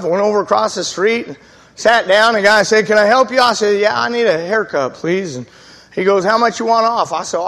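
A man preaching, telling his testimony as a lively story, acting out the voices of the people in it. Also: high voice, gravelly, long reverb tail. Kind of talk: storytelling sermon.

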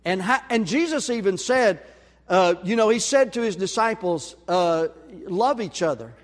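A man preaching a sermon, telling a story with lively acted-out voices. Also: high voice, normal speed. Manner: animated storyteller, acts out voices. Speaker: pastor. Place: church sanctuary. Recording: long hall reverb.

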